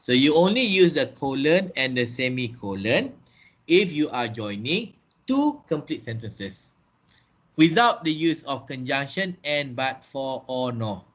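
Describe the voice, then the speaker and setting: Slow-talking Malaysian English trainer, man. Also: medium pitch, sing-song, fairly bright tone. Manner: slow, repetitive, checks understanding with "okay" and "eh". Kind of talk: online business writing class.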